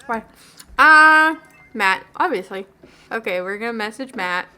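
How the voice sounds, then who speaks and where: Bright-voiced woman chatting over a game. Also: fairly high pitch, expressive, unhurried, a little hiss or hum. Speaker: let's play streamer. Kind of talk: casual game commentary.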